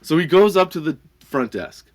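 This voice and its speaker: A man's voice: on the high side, expressive, moderate pace. A male podcast host telling a comic story, swearing freely and laughing between lines.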